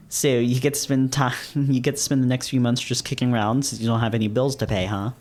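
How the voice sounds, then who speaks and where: Casual man reading a story aloud. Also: mid-range voice. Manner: casual, swears and laughs, quick animated reactions. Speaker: YouTuber reading a visual novel. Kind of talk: dramatic reading with casual commentary.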